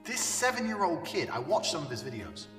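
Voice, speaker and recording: A man's voice: fairly high pitch, sing-song, fairly quick. A man delivering a blunt, profane ranting monologue as an online commentator. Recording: echoey hall, voice far from mic, faint music.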